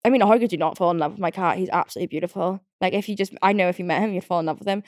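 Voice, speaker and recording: A woman's voice: fairly low pitch, racing, a little mellow, no room sound, studio quality. A young British woman hosting a podcast, chatting casually and ranting in a riled-up way, with lots of fillers, swearing and frequent laughter. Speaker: podcast host. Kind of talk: casual chat.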